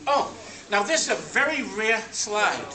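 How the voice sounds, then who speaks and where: A man telling family stories and deadpan jokes over old slides at a family party. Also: sits high, measured pace. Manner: deadpan joke-telling with laughter. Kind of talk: joking slideshow storytelling. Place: party room with guests at tables. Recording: echoey room, voice from far off, noisy.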